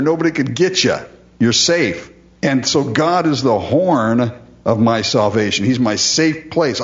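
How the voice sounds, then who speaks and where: A pastor with a medium-pitched voice preaches to his congregation, calling them "folks" and rising emphatically on key words. The recording has its high frequencies cut off.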